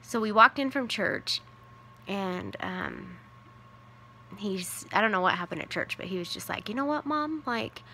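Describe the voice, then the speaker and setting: Woman, 30s, vlogger mom: bright tone with gravelly fry, rambling casual storytelling. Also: medium pitch, big pitch swings, measured pace, long pauses, a little hiss or hum. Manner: rambling, full of "like" and "you know". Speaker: vlogger and widowed mother.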